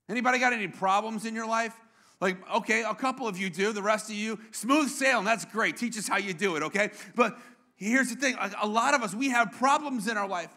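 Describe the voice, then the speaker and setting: A man's voice: very high voice, bright, forceful tone. A man preaching a sermon to a congregation, playful and quizzing the room with questions. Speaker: pastor. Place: church.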